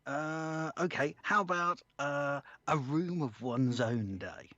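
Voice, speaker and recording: A man's voice: a little high, slow, sharp tone, dry recording, dull audio. A man co-hosting a radio show, chatting and rambling with hesitations. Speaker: radio co-host.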